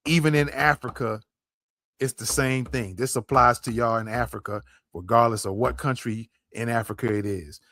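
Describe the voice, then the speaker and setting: A man's voice: mid-range voice, steady tone, normal speed, pushed and bright, dry recording. Guy doing podcast commentary, emphatic, keeps repeating himself, dry close sound. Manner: emphatic, repeats points, addresses listeners directly. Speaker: podcast host. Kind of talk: commentary on a played clip.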